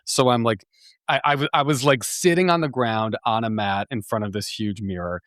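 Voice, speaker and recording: A man's voice: medium pitch, normal speed, dry recording. Chatty, laughing man, close dry mic. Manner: chatty, animated, laughs often, many fillers and restarts. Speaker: podcast host. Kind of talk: casual storytelling monologue.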